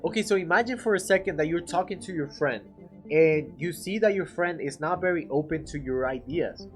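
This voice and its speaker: A man's voice: on the high side, a little fast, faint music behind. Upbeat man coaching painters. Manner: conversational, acts out greetings with playful voices. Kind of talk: casual instructional talk to camera.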